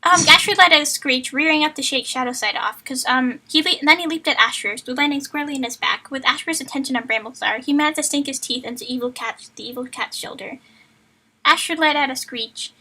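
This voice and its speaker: A woman's voice: sits high, brisk, sharp tone, low-quality recording. A woman streamer reading a book aloud casually, stumbling over words and giggling. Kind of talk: casual live read-aloud.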